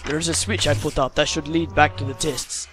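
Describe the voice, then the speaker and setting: A man's voice: on the high side, steady tone, moderate pace, sharp tone, a little hiss or hum. An English man hosting a let's play, chatting casually and teasing his co-player. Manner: joking, teasing banter. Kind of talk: casual gameplay chat.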